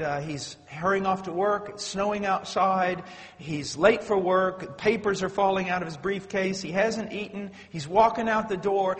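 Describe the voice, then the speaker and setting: A man preaching a sermon, swinging between loud urgent outbursts and quiet, low storytelling. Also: in a large hall.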